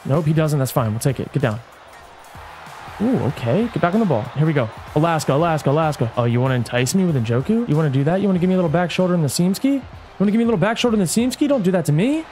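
A man's voice: fairly high pitch, fast talker, soft background music. Hyped man calling his own game plays. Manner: excitable, coaching himself, yelling at big plays. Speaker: gamer commentating his own football video game play. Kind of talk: hyped live gameplay commentary.

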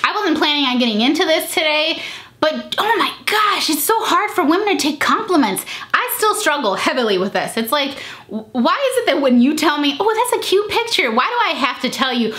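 A young adult woman talking casually and openly in a vlog, chatty and animated, jumping into high voices when she quotes people. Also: brisk. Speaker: vlogger. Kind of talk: casual confidence chat.

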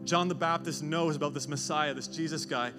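A man preaching a sermon, retelling scripture with animated storytelling and quick character voices. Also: fairly high pitch, over music. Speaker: pastor.

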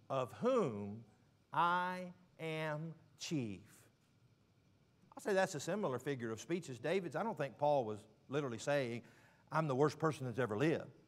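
A man preaching a sermon, stressing words slowly and dropping suddenly to a hush. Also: fairly high pitch. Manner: emphatic, with slow drawn-out stresses and sudden quiet drops.

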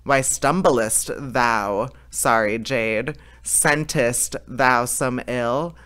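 A man voicing a menacing deathless sorcerer who speaks slowly and gravely in archaic words. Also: medium pitch, pushed and bright, natural voice. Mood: stern.

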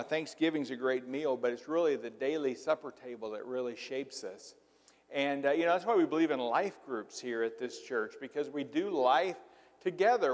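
A middle-aged male pastor from southern Illinois with a slight Southern accent, preaching in a folksy, conversational way full of filler words. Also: a little high. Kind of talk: sermon. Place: church sanctuary. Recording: reverberant church hall.

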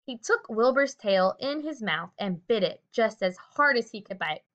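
A woman narrating a children's book aloud with a steady, expressive reading. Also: fairly high pitch, normal speed. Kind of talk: storybook read-aloud. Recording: dull lo-fi recording.

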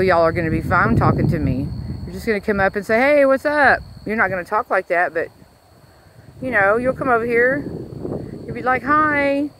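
Fervent woman preaching outdoors. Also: medium pitch. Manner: fervent and preachy, breaking off to coo at cows. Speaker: religious vlogger. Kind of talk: rambling religious rant. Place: outdoors in rural pasture by cows. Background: wind and animals.

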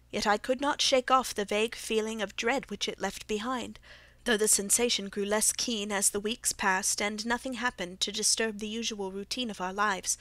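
A woman's voice: medium pitch, fairly bright tone, no room sound. Woman reading a classic story aloud. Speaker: audiobook reader. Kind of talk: scripted narration.

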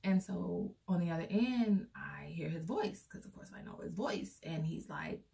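A woman's voice: on the low side, animated, moderate pace, gravelly, hardly any pauses, dark tone. A young woman vlogger telling a personal story in a casual, rambling way, full of fillers, recorded from a distance.

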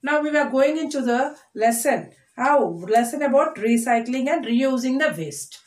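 This female English teacher has a high voice and teaches an online class, her sound echoing around the room. Slow and deliberate, she says words more than once and spells them out syllable by syllable.

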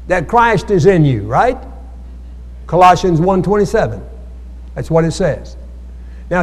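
A male pastor, preaching a sermon and calling on the congregation for amens. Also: high-pitched. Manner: preaching with call-and-response to the congregation. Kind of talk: sermon at Bible study. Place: church hall. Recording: echoey church hall.

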